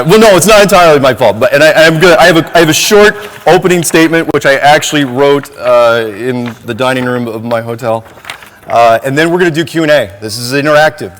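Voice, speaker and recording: A man's voice: mid-range voice, slight background noise. A man speaking to a large live audience at a conference, emotional and grateful, laughing and restarting his sentences. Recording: conference hall reverb.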